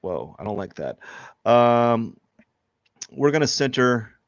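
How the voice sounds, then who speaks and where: Male artist, casual stream chatter, self-deprecating, gravelly, close and dry. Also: medium pitch, sing-song, slow pace, dry recording, lo-fi sound. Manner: rambling, self-deprecating, joking. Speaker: artist streaming live drawing. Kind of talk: casual live-stream chat while drawing.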